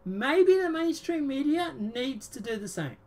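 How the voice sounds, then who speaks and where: A man's voice: very high voice, very animated, a little slow, a little mellow, a little hiss or hum. A man hosting a casual political chat show, talking in a rambling, sarcastic, emphatic way. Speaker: show host.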